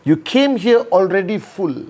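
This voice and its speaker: A man playing a calm old Zen master. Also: high-pitched, measured pace, full character voice. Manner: calm, few words. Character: calm old male Zen master, long-bearded and wise.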